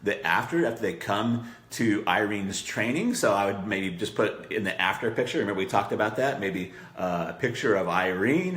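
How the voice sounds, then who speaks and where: A man's voice: on the low side, a bit bright, roomy sound. A man teaching marketing copy in a coaching session, talking conversationally and checking in with "right?" as he acts out client quotes.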